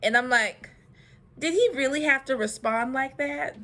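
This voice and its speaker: A young adult woman gives a casual reality show recap in a high-pitched, bright and forceful voice, keeping a measured pace. Her delivery is chatty, packed with fillers and sprinkled with sighs.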